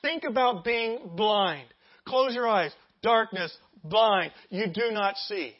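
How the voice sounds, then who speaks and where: A pastor preaching a sermon in a lively, conversational way, asking the congregation questions and acting out scenes. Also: mid-range voice, slow, muffled recording. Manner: animated, conversational, acts out scenes.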